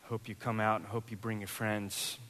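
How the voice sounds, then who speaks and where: A man in his thirties, a pastor, preaching a sermon and telling a personal story with lively, acted-out dialogue. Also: fairly low pitch, moderate pace, long reverb tail. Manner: animated storyteller, acts out voices in quoted dialogue.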